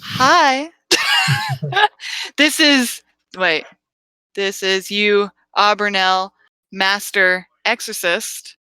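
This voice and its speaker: A woman playing a tabletop game, animated and laughing often. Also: mid-range voice, drawn-out words, long pauses, clear, resonant tone, no echo. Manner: giggly, animated. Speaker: player. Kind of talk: casual tabletop play.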